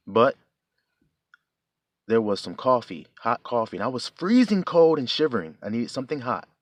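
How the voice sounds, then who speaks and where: A low-pitched man, recorded dry, preaches by telling a heartfelt personal testimony. He's plain-spoken and casual, earnest in how he tells the story.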